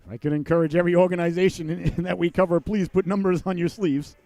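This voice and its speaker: A man calling a youth hockey game play by play, folksy and joking, who breaks into shouts on big plays. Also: sits high, fairly even intonation, fast, dry recording. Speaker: play-by-play commentator.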